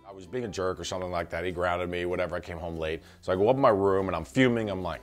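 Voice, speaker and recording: A middle-aged man with a low voice races through a casual family anecdote, telling it as a son. He's an animated storyteller who acts out quotes and laughs along the way, with soft music and a little background behind him.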